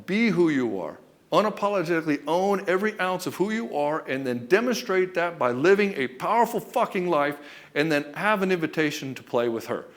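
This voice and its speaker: A man's voice: on the high side, fairly bright tone. A man giving a relationship coaching monologue straight to the camera, blunt and emphatic, swearing often and calling the listener brother and dude.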